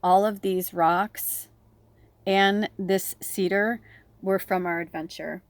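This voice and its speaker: A woman in her thirties, a spiritual reader, telling a personal story with shaky, tearful excitement and lots of "like.". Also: medium pitch, slow pace, no room sound. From Pacific Northwest.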